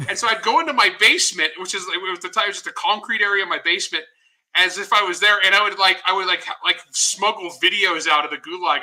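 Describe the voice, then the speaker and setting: A man being interviewed as a guest author over a video call, telling animated, joking anecdotes. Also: sits high. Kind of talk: casual storytelling interview.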